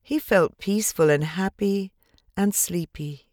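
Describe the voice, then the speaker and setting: A woman narrating a children's storybook in a measured, gentle, expressive way. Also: mid-range voice, no echo, studio quality. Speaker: audiobook narrator.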